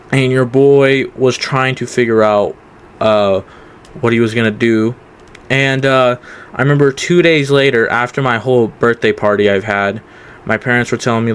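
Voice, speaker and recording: Smooth-voiced young man telling a story. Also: mid-range voice, a bit bright. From California. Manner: rambling, many fillers and restarts. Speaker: vlogger. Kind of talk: casual storytime.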